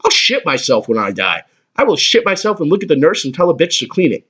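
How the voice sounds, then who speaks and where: A man in his twenties hosting a comedic podcast, with a crude, excitable way of talking and a lot of swearing. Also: on the high side, quick pace, breathy edge, highs cut off. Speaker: podcast host.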